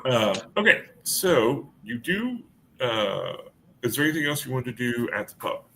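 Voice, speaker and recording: A man's voice: medium pitch, sing-song, measured pace, creaky, a bit bright, slight background noise. A man running a tabletop game as game master, narrating with many fillers and restarts.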